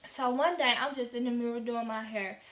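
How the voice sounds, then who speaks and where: A teenage girl telling a casual storytime in a lively, slangy way, acting out the dialogue as she goes. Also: fairly high pitch, a little fast. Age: teens. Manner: animated, slangy, acts out quoted dialogue. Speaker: vlogger. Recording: echoey room.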